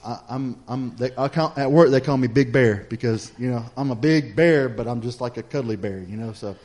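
A middle-aged man, preaching a sermon in a folksy storytelling way that builds to loud exhortation. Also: mid-range voice, normal speed.

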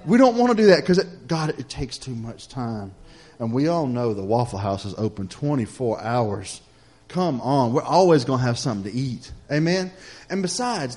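A middle-aged man, preaching a sermon in a folksy storytelling way that builds to loud exhortation. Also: fairly high pitch.

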